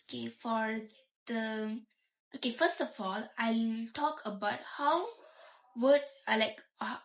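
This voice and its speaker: Slow, halting young Malaysian woman. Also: fairly high pitch, steady tone, low-quality recording. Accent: Malaysian English. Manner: halting, self-correcting explanation. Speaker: university student. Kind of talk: recorded class presentation.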